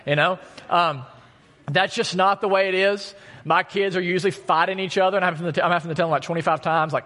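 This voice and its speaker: A pastor in his thirties preaches in an easy, conversational way and tells stories against himself. His voice sits somewhat high for a man. Long reverb from the church hall trails behind each phrase. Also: fairly even intonation, fairly quick, a bit bright. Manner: conversational, storytelling with self-deprecating humor. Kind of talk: sermon. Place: church sanctuary.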